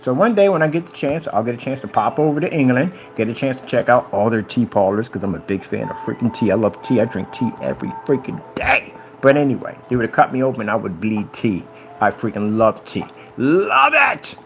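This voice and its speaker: A man talking casually and excitedly about projectors, rambling and wandering off topic. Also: medium pitch, a little fast, soft background music. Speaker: business owner reviewing projectors.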